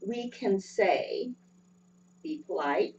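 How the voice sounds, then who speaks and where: A woman giving a sermon in a gentle, unhurried way, pausing often with ums. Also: mid-range voice, expressive. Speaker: lay speaker. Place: church sanctuary. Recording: dull distant sound with faint hum.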